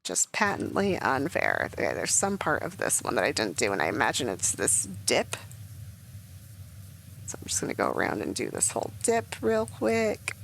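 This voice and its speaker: Rambling woman streamer, lively pitch. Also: normal speed, gravelly, a little hiss or hum, rough recording. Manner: rambling, emotional, many fillers. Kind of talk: casual gameplay commentary.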